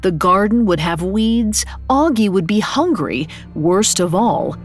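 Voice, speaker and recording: A woman narrating a scripted fairy tale as a storyteller, expressive, rising on dramatic beats. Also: mid-range voice, measured pace, soft background music.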